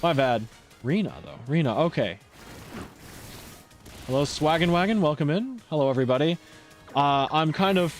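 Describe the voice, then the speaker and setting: A male streamer chatting casually while playing a game, rambling and lively. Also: fairly high pitch, moderate pace, long pauses, faint music behind. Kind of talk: casual gameplay chat.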